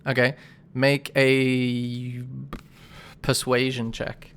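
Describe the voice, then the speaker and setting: A man's voice: medium pitch, monotone, extremely slow, fairly bright tone, slight background noise. A man running a tabletop game as game master, narrating combat in a casual, rambling way with many fillers.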